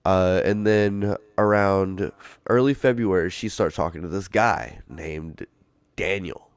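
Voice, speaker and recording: A young man with a fairly low voice tells a story on his podcast. He rambles, swears freely and pads his sentences with "uh" and "like". The sound is close and dry. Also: unhurried, smooth, no room sound. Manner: rambling and profane, heavy filler words. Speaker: podcast host. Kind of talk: casual storytelling.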